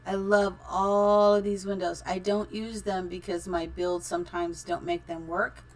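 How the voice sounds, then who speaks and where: A woman's voice: medium pitch, unhurried. Chatty middle-aged woman streaming a build. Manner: chatty, thinks aloud, giggly. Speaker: game streamer. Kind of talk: casual live-stream building commentary.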